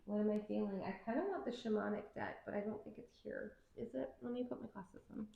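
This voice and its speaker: A woman giving a casual tarot reading, rambling and chatty, full of fillers and quick to laugh. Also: medium pitch, fairly even intonation, gravelly, roomy sound, muffled recording. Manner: playful, laughs easily. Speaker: tarot card reader.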